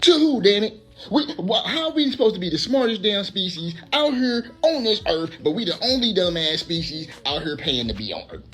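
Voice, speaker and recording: Animated male ranter, incredulous, lively pitch, faint music under. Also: a little fast, slightly rough. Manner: animated, incredulous, laughing ranting. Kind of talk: comedic rant.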